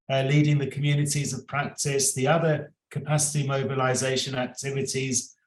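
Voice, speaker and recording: A man leading a project, giving a formal thank-you speech at an event, halting often and repeating his words. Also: mid-range voice. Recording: roomy echo.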